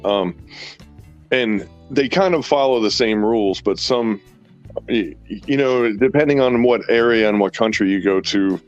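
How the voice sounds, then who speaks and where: A man in a casual chat who speaks haltingly, with many fillers. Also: on the low side. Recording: dull lo-fi audio.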